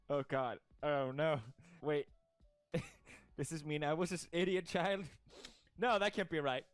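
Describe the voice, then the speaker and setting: A man's voice: fairly high pitch, slow pace, dry recording. A young man from Sweden, streaming casual commentary in a jokey, mock-outraged way and laughing often.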